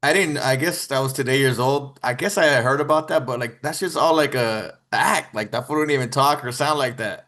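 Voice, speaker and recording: A man's voice: medium pitch, fairly quick, few pauses, fairly bright tone. A man co-hosting a podcast in casual chat, terse and slangy. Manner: terse, slangy, calls people "fool" and "bro". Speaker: podcast co-host.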